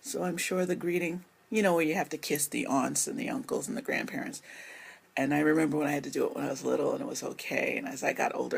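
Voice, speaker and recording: A woman's voice: deep voice, steady tone, moderate pace, gravelly, pauses often, breathy edge. A woman speaking casually straight to camera, rambling and apologetic while she talks with her hands. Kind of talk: casual vlog monologue.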